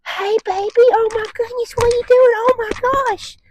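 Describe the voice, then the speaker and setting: A man's voice: very high-pitched, level tone, moderate pace, warm tone, pitched above the performer's own voice. A man putting on a squealing, gushing dog owner. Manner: squealing baby talk. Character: gushing, overexcited dog owner greeting a pet.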